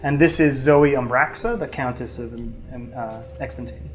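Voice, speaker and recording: A woman narrating as game master of a tabletop game, pausing often with ums as she describes scenes. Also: a bass voice. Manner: hesitant, many ums.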